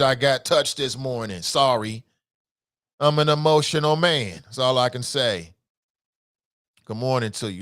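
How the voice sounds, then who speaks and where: A man hosting a solo political talk show with a Cincinnati accent, passionate and profane, swinging between loud outbursts and muttered asides as he reads listener comments. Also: medium pitch.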